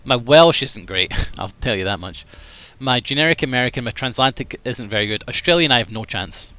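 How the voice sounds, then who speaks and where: Brief: a chatty English man live-streaming a game, animated and forceful, dry close mic. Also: mid-range voice, fairly quick, no room sound. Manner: chatty, self-mocking, laughs at himself. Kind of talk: casual live-stream chat.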